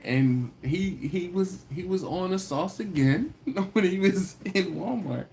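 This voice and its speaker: A man hosts a live stream for a barbecue channel, chatting casually with viewers, telling stories, laughing often, and acting out the people he quotes. His high-pitched voice is animated, slow, creaky, and a little mellow, with a little hiss or hum present.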